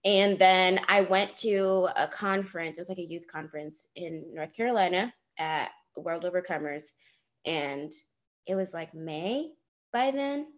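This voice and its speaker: A woman in her twenties with a fairly low voice, telling a personal story on a chatty podcast. She is expressive, laughs often, and sinks into hushed asides. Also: measured pace. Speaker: podcast co-host.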